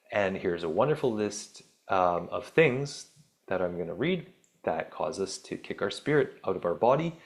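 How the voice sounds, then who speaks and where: A man's voice: lowish voice, creaky. A man hosting a podcast, talking through spiritual ideas in a rambling, self-interrupting way with wry asides. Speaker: podcast host. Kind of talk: casual spiritual monologue.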